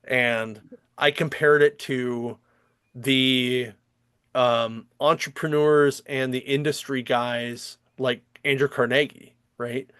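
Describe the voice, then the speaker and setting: A man's voice: medium pitch, steady tone, slow, fairly bright tone, smooth, dry recording, studio quality. A man hosting a comics podcast, chatting casually in a rambling, profane way with lots of fillers and restarts. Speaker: podcast host. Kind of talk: casual chat.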